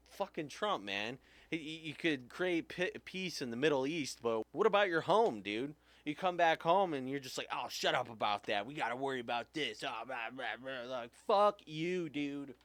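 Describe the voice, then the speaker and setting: A man's voice: medium pitch, no echo. A man hosting a podcast, ranting heatedly, swearing often, his voice jumping up when he gets angry. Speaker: podcast host. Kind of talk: impassioned rant.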